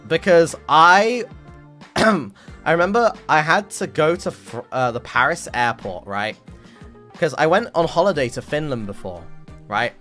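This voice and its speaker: A man streaming, telling a story in casual chat, animated and swearing often, acting out the people in it. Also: on the high side, a little slow, soft background music. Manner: animated, swears a lot, acts out voices in the story.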